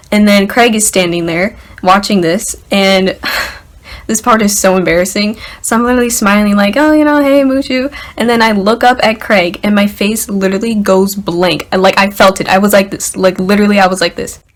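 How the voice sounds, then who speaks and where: A young woman vlogger telling a story to the camera in an excited, chatty way, packed with "like" and "literally". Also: mid-range voice, normal speed. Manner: excited, filler-heavy, lots of "like" and "literally".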